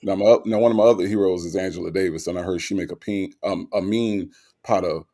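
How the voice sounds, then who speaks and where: Host man for a home livestream chat show: lower gravelly voice, bouncy animated delivery, keeps repeating himself. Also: fast talker. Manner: animated, repeats phrases for effect. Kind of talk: casual chat, reading out viewer comments.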